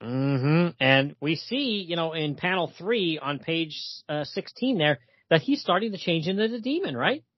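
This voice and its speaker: A man's voice: a little high, animated, moderate pace, hardly any pauses, no echo, dull audio. A man hosting a podcast, casually chatting and reading comic-book dialogue aloud with light emphasis and frequent chuckles. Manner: reads quoted lines with light emphasis, chuckles often. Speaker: podcast host.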